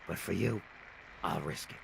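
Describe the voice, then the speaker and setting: An actor playing a weary, kind male ghoul bartender in a video game, raspy and humble. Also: deep voice, normal speed, a bit bright, slight background noise, exaggerated voice, poor audio. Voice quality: raspy, gravelly. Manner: humble, resigned.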